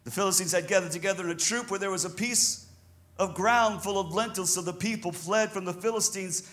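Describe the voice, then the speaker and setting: A pastor from the Southern United States with a Southern American accent preaches a sermon animatedly, chuckling between points. His voice is high and a little fast.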